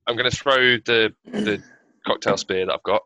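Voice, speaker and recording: A man playing a tabletop game, chatting casually, laughing at himself and rushing his words. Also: lowish voice, sharp tone, dry recording, muffled recording. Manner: laughing, self-deprecating, rushes his words. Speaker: player.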